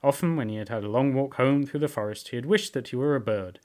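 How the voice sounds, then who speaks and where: A man narrates a storybook aloud with lively, expressive reading. His voice sits at an ordinary middle pitch. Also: quick pace. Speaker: book reviewer reading aloud.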